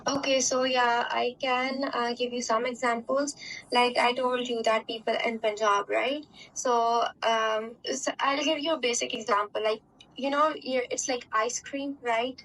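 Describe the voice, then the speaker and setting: A woman's voice: fairly high pitch, fairly even intonation, a little slow, a bit bright. A young woman from Pakistan, speaking English with a Pakistani accent, answers interview questions in a chatty way full of fillers and tag questions. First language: Urdu. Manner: chatty, many fillers and "right?" tags. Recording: distant mic with faint background hum.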